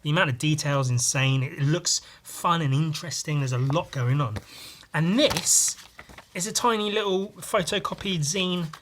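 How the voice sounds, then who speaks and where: Speaking at a moderate pace in a fairly high, somewhat bright voice, a man hosts a podcast on his own. He rambles, swears freely, and breaks off mid-sentence. There's slight background noise.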